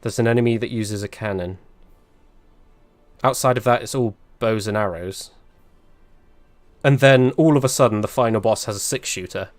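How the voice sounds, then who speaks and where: A man's voice: on the low side, moderate pace, long pauses, dry recording, faint music behind. A man commentating casually while live-streaming a game, chatty and rambling, laughing often and grumbling about the fight.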